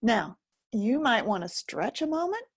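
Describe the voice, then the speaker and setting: A woman teaching an emotional healing method, speaking gently with long pauses. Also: a little high, big pitch swings, slightly rough. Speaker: focusing teacher. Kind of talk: guided self-help teaching.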